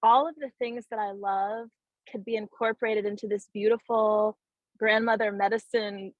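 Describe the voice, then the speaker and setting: A woman podcast guest sharing her journey in a soft, thoughtful way, pausing with ums. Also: mid-range voice, fairly even intonation, dry recording, narrow, tinny audio. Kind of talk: reflective personal sharing.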